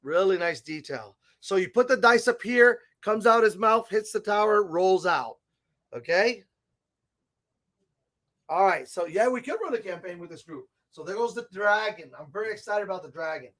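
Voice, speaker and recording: A man hosting a casual gaming-store segment, chatty and excitable as he shows off products, with frequent asides, recorded inside a comic and game shop. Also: high voice, normal speed. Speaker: host of a tabletop gaming segment.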